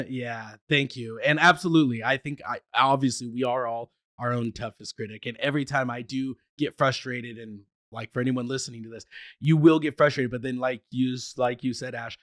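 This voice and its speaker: A man's voice: mid-range voice, a bit bright, no room sound, clean studio sound. A man who stutters, talking eagerly as a podcast guest, with restarts and frequent laughs. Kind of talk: casual chat.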